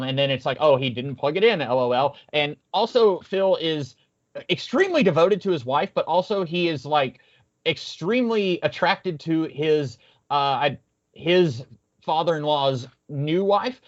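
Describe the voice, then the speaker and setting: A man talking casually on a podcast, rambling through his thoughts with plenty of fillers and false starts. His voice sits a touch high for a man. The audio is muffled and lo-fi. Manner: rambling, lots of fillers and restarts. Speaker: podcast co-host. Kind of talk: casual chat.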